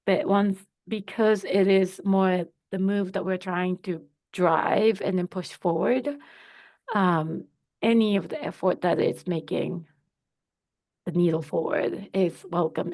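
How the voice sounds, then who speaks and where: A woman's voice: on the low side, steady tone, measured pace, creaky, darkish tone. A woman sharing a work experience in a webinar, talking hesitantly with many fillers and restarts. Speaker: webinar participant. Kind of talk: casual spoken anecdote.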